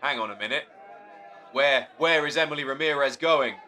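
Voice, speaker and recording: A man calling a wrestling match play by play, excitable and shouting at the big moves. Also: mid-range voice, normal speed. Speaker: wrestling commentator. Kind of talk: play-by-play commentary.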